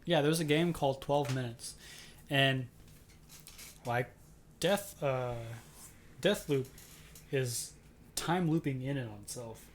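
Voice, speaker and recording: A man co-hosting a casual podcast who tells stories in an animated way and acts out the quoted lines. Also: mid-range voice, takes it slowly, pauses often, slight background noise. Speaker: podcast co-host. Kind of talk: casual chat.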